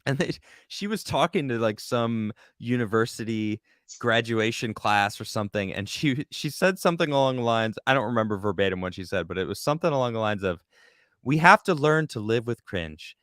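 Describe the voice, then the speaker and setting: A male podcast host with a lively, swooping pitch and a bright, sharp tone. He chats casually and agrees readily with his guest. The voice sits dry and close to the mic. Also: brisk, dry recording. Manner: animated, agreeable, chiming in often. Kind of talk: casual interview chat.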